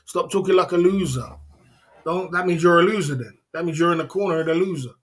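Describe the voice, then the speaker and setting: A man talks straight into his livestream, his voice sitting a touch higher than most men's. He lectures bluntly, hammering the same points over and over with street slang. Short laughs slip out between his lines. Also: brisk, fairly bright tone. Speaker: livestream host. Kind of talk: motivational livestream rant. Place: indoors in Thailand.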